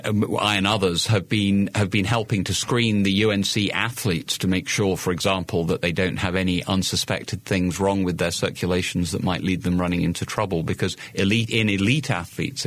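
An older man speaks in a low, dry voice, measured and explanatory. He is a doctor guest on a radio health talk show and often restarts a phrase before finishing it. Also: steady tone, a bit bright, no room sound. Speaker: cardiologist guest.

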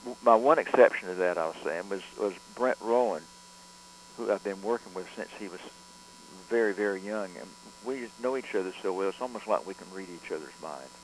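A man, a record producer, telling studio stories in a relaxed interview, rambling with frequent restarts and fillers. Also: low-pitched, a little fast, a little hiss or hum, rough recording. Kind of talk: conversational storytelling interview.

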